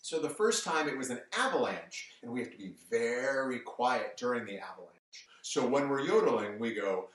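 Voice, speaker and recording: A man teaching a music lesson to children on television, cheerful and brisk as he talks straight to the kids. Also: mid-range voice, very animated, fairly bright tone. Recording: echoey room, mic at a distance.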